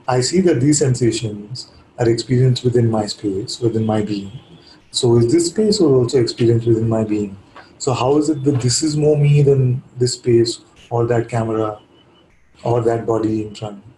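A man giving a calm, reflective spiritual talk, telling a parable and often checking in with his listeners. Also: mid-range voice, a little hiss or hum. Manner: calm, reflective, keeps asking "you see?". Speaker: spiritual teacher. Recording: echoey room.

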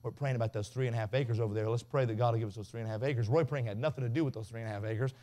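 Under a revival tent, this man tells folksy stories in his sermon and acts out the voices of the people in them until he's shouting. His medium-pitched voice stays fairly even in intonation, and his delivery is rapid-fire.

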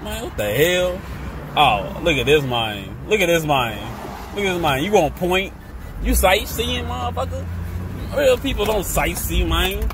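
A man's voice: high-pitched, lively intonation, unhurried, noisy background. A man driving home from work, trash-talking passersby in profane, joking commentary from inside his vehicle. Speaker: vlogger. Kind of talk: casual comedic commentary while driving.

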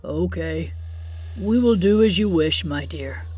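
A woman voicing a meek, hesitant father in a storybook reading, speaking softly and unsurely. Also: fairly low pitch, takes it slowly, over music. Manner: hesitant and soft.

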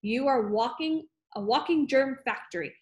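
A woman's voice: sits high, normal speed, darkish tone, echoey room, close to an everyday voice. A woman reading an audiobook, voicing a huge bullying female headmistress who barks, bellows and sneers. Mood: bellowing.

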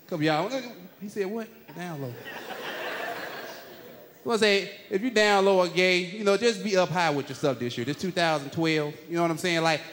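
A man doing a stand-up routine, prodding the crowd in a casual, quick delivery. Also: sits high, a little hiss or hum. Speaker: stand-up comedian. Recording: live hall reverb.

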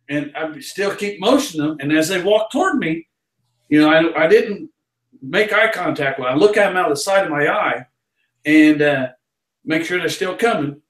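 A man's voice: on the high side, moderate pace, roomy sound. A man, a guest in a live interview, telling a story with energy and acting out the quoted lines. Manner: lively, acts out the quoted lines.

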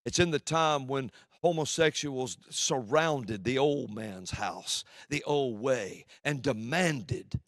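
A man preaching a sermon from the pulpit, swinging between loud declarations and hushed, low passages. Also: lively intonation, slow pace, no room sound, studio quality.

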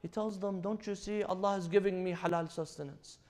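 A man's voice: high-pitched, steady tone, brisk, a little mellow. A man giving a Ramadan night sermon, telling a prophet's story and reciting verses between his retellings. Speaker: imam. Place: mosque or Islamic center.

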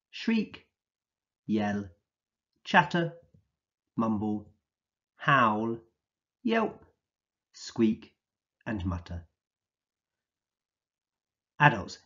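A man teaching a recorded vocabulary lesson for young children, speaking slowly and clearly in an encouraging way and acting out the words he defines. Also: fairly low pitch, highs cut off. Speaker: early years teacher.

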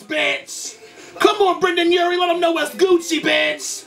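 Gushing, campy young man with loud music behind. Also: very high-pitched, unhurried, gravelly, distant mic. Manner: gushing, campy, swears a lot, gasps and shrieks. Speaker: YouTube reactor. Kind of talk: excited reaction commentary. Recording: music video playing loudly behind. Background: pop music.

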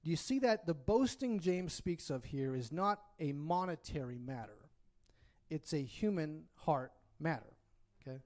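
In a church, a man with a fairly high, slightly mellow voice preaches a sermon in an animated way at a measured pace. His delivery is conversational and expressive, and he often checks in with his listeners.

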